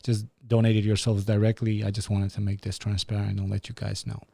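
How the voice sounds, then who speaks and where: A podcast host from Romania speaking English with a Romanian accent, ranting angrily with heavy swearing and frequent restarts. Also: male voice, fairly low pitch, monotone, a little fast, creaky, dark tone, dry recording. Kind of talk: angry profane monologue.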